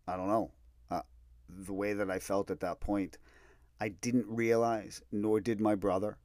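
A man with a deep, low voice hosts a podcast and tells a personal story candidly. He gets animated and acts out the quotes. The sound is dry and close, with no room around it. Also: dry recording. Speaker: podcast host. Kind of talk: storytelling monologue.

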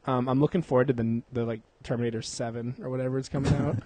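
Young male podcast host, mid-pitched, dry close sound; rambling, profane, quick to laugh. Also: level tone, mellow, dry recording. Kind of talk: casual podcast chat.

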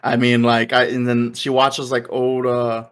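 A man co-hosting a podcast, chatting casually and rambling excitedly, with the odd curse. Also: mid-range voice, measured pace, clear, resonant tone. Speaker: podcast co-host. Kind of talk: casual wrestling podcast chat.

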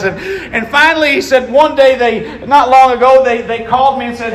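A man preaching a sermon, telling a story with animated, acted-out quotes that build in intensity. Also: extremely high pitch, normal speed. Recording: echoey hall.

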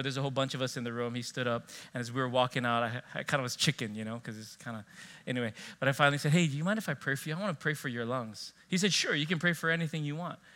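A man preaching a sermon as pastor, telling personal stories in an animated way and acting out the dialogue. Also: medium pitch. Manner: animated storytelling, acting out dialogue, frequent laughs.

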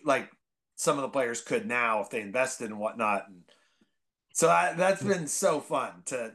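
A man from the Bay Area, a comedian guest, telling rambling stories full of fillers and bursting into loud, excited impressions. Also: mid-range voice. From San Francisco Bay Area. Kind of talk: casual podcast storytelling.

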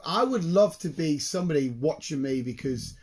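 A man, hosting a casual chat, excitable and sweary, breaking into laughter. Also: on the high side, a little fast, slightly rough.

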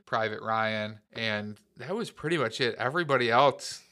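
Bright-voiced man retelling a film. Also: mid-range voice, normal speed. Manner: animated scene retelling, swears casually. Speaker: podcast co-host. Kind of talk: casual movie discussion.

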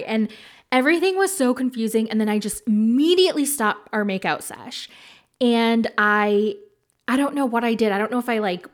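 A woman hosting a podcast, telling candid stories in casual chat with animated, frank delivery and free swearing. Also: fairly high pitch, a little fast. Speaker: podcast host.

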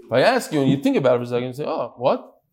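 A man's voice: mid-range voice, very animated, very fast, darkish tone. A man teaching a Talmud class, reading the text in a sing-song lilt and questioning his students.

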